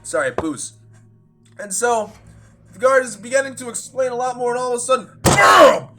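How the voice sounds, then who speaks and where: High-voiced rambling game master man. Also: fairly quick, soft background music. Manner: rambling and profane, full of "like" fillers; animated, with sudden loud bursts. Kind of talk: casual session recap storytelling.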